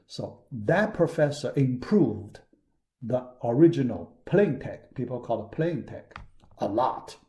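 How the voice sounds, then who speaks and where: Slow, halting male lecturer. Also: medium pitch, big pitch swings, warm tone. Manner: halting, many fillers and restarts. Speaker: university lecturer. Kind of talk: recorded lecture.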